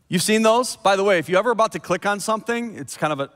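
A man with a high voice preaches in an animated way, mixing scripture reading with quick asides. His voice rings out with a long reverb trail, as if in a large church sanctuary. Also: smooth. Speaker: pastor. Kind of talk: sermon.

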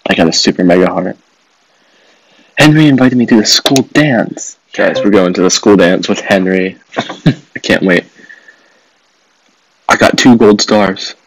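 A man with a lowish voice hosts a gaming video, cracking sarcastic jokes, swearing, and laughing often as he plays a mobile game. The recording is rough, with no room sound.

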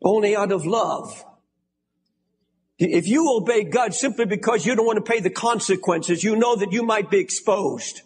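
An older American man preaching a sermon as pastor, emphatic and shouting for stress. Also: high-pitched, moderate pace, husky. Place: large church sanctuary. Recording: long hall reverb.

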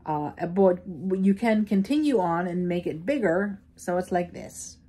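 A woman's voice: on the low side, a little slow, mellow, breathy edge. A middle-aged woman from New York gives a casual crochet tutorial in a rambling, chatty way, with many fillers and restarts. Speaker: crochet teacher.

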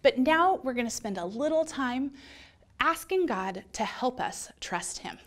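Gentle, earnest woman speaking to children. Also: high voice, animated, a little slow. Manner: gentle and earnest, addressing kids. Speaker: children's ministry leader. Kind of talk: children's sermon.

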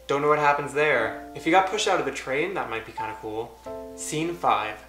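A young man reading an old script he wrote and commenting on it in a wry, deadpan, self-mocking way. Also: fairly high pitch, moderate pace. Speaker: YouTuber. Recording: roomy echo with music underneath.

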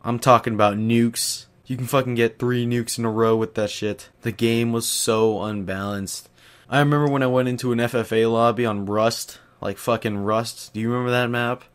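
Young man in a profane comedic rant. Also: medium pitch. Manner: profane, exaggerated ranting. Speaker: YouTuber.

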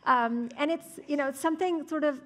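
Her voice sits high and her delivery is brisk as this woman speech scientist lectures and fields audience questions in a lecture hall. She explains thoughtfully, peppering her talk with "right?" and "um."

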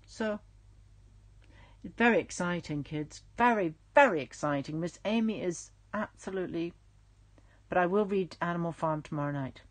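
A woman chatting casually with viewers on a livestream, rambling, self-mocking and reading out their comments. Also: lowish voice. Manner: reads out chat comments.

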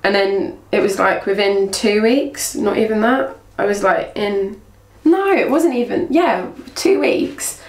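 In a mid-range voice at a measured pace with hardly any pauses, a young woman from England who used to be an athlete talks through her career in a casual interview. She quotes speech and restarts frequently, heard from far off in an echoey room with faint background noise.

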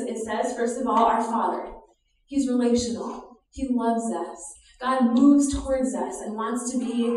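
A woman's voice: on the high side, a little mellow, a little hiss or hum. Woman preaching in an echoey church. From United States. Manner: conversational, laughs often while telling stories. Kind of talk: sermon. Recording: echoey church hall from far off.

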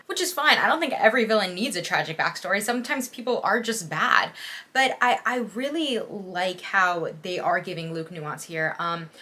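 A young woman reacting to a novel as she reads it in a casual vlog, animated and excitable, switching between gasps and thoughtful musing. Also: mid-range voice. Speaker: book vlogger.

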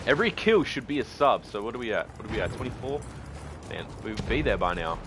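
An excitable man, chatting casually and swearing freely while streaming a game. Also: on the low side, fast talker, background noise. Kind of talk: casual live-stream commentary. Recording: game gunfire under the voice.

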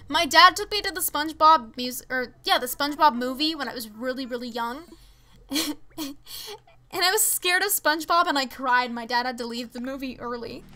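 A teenage girl streaming a video game, chatting casually and reacting to viewer messages with excitable, rambling enthusiasm. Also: high-pitched. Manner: chatty, excitable, reads chat aloud.

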